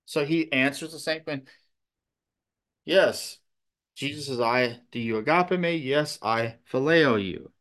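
A man's voice: medium pitch, slow pace, a bit bright. A man preaching a conversational sermon, often checking in with his listeners and restarting his sentences. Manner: conversational, repeats "okay?", many restarts.

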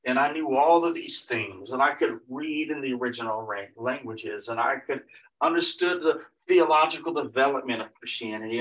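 A man preaching and retelling a story in a loose, meandering way, stacking "he said" on almost every line. His voice sits at an ordinary middle pitch for a man. The microphone is set back from him, so he sounds distant. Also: a little fast, a bit bright. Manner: rambling, retelling with many repeated "he said" tags and restarts. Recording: voice picked up from a distance.

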